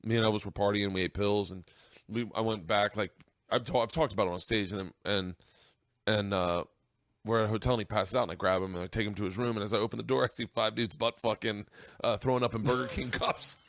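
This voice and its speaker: A man's voice: fairly even intonation, fast, a bit bright, no room sound, clean studio sound. Man telling a story that chokes him up. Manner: emotional, voice rising high as he tears up. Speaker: podcast host. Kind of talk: storytelling in casual podcast chat.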